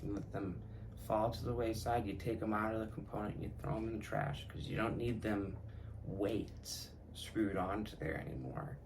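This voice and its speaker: A man's voice: on the low side, normal speed, background noise. A young man hosting his own podcast, talking alone in a casual, reflective way, swearing freely and often laughing. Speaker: podcast host. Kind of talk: casual solo monologue.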